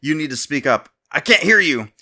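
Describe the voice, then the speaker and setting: A man voicing a confused, hard-of-hearing stranger who yells everything back. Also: on the high side, very animated, normal speed, pitched above the performer's own voice, full character voice. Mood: yelling. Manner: yelling, repeating, comically confused.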